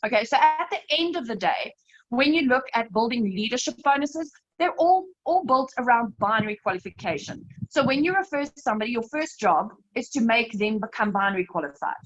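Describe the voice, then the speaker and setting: A woman with a fairly high voice leads a live slide presentation on an online call. She explains things step by step, brisk and emphatic, and keeps turning to her listeners as "you guys". The audio is dull and lo-fi. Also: lively intonation. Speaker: network marketing team leader presenting a webinar.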